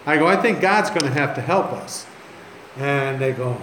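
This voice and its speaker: A man's voice: fairly high pitch, animated, slow, pauses often, fairly bright tone, slight background noise. A man telling stories as a pastor in a sermon, folksy and joking, laughing at his own stories. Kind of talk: sermon storytelling. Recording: echoey room, faint ambience.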